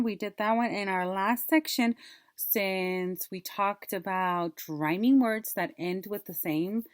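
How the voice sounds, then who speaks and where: Slow, patient woman teacher, dry close sound. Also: mid-range voice, no room sound. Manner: slow, clear, drawn-out word modeling with repeat prompts. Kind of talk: phonics lesson for young children.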